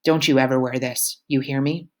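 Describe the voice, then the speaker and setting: Stern, protective dad, a woman reading him, low and firm. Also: steady tone, normal speed, darkish tone. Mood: serious. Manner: serious, firm.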